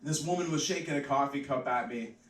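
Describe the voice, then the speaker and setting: A man's voice: mid-range voice, a little fast, recorded from a distance. Rambling male comic in an echoey pub. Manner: rambling and offhand, full of "like" fillers. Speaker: stand-up comedian. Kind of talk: live stand-up comedy. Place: pub stage, live audience. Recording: echoey pub mic heard from afar.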